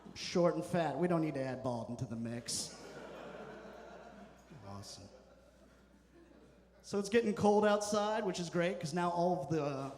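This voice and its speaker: A man doing a stand-up comedy set on a club stage, telling stories with deadpan punchlines. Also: a little high, in a large hall. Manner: deadpan storytelling with punchy asides.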